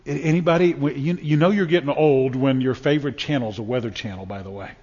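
A man's voice: mid-range voice, fast, darkish tone, breathy edge. Folksy preacher man in a reverberant hall. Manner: folksy, storytelling preacher with repeated words and sports analogies. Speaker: pastor. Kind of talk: sermon. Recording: dull sound with long reverb in a hall.

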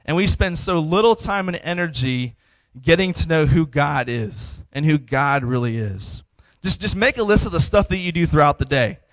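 A man's voice: fairly high pitch, animated, moderate pace, dry recording. A man, a pastor preaching a sermon in a conversational way, repeating key phrases for emphasis.

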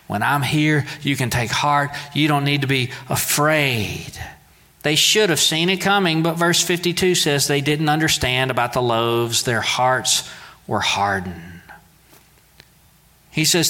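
Male pastor, conversational sermon delivery with playful asides, fairly high and forceful tone, long church reverb. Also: measured pace.

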